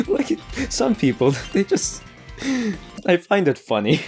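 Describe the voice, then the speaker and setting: An American man chats over a racing game, his pitch leaping up and down as he laughs and restarts his sentences. Soft game music plays faintly behind him. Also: takes it slowly, pauses often. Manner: animated, laughs often, trips over restarts. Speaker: let's play gamer. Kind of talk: casual gameplay commentary.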